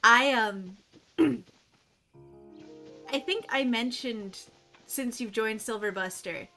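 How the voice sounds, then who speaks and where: Woman streamer, casual and rambling, slightly high pitch, faint music bed. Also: slow pace, pushed and bright. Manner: rambling, chatty, laughs often. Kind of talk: casual chat while gaming.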